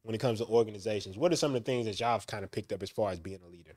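Fast-talking man hosting a podcast. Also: fairly low pitch, darkish tone. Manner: eager, steers topics. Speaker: podcast host. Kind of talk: casual chat.

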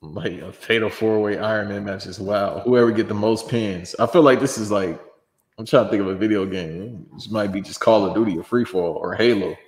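A man with a lowish voice bantering in loose slang and casual swearing on a wrestling chat show. His voice rings with a long reverb, as if he is recorded in a reverberant space. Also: fairly quick, darkish tone. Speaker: podcast co-host.

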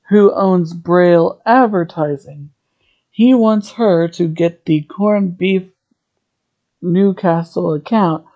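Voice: medium pitch, mellow, muffled recording. A podcast host recapping a TV episode in a chatty, rambling way, drifting into tangents.

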